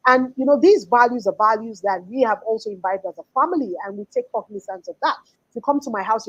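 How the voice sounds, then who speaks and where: A woman's voice: mid-range voice, a little hiss or hum, poor audio. A woman in her forties giving an earnest, emphatic motivational talk as a life coach, often restarting her sentences.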